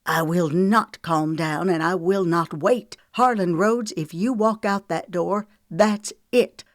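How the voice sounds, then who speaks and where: A woman's voice: fairly low pitch, takes it slowly, no room sound, studio quality. A woman voicing a hurt, fiery young red-haired woman in an audiobook reading, speaking in a raised, heated tone. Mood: angry, tearful.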